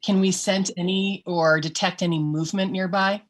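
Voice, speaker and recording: A woman's voice: lowish voice, fairly even intonation, normal speed. A woman playing a tabletop game, dropping wry asides and stating her moves plainly. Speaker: player. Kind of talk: tabletop role-play chat.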